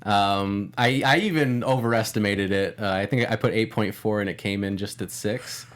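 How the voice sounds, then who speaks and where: A man's voice: on the low side, moderate pace. A man co-hosting a casual movie chat, easygoing and hesitant, often repeating his first words. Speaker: co-host.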